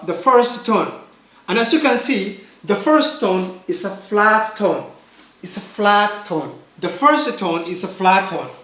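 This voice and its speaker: A man's voice: high-pitched, fairly bright tone, roomy sound. A man teaching an online language lesson, patiently repeating points and drawing out long sample sounds for the learner to copy. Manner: patient, repetitive drilling with sung-out sample sounds. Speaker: Chinese pronunciation teacher.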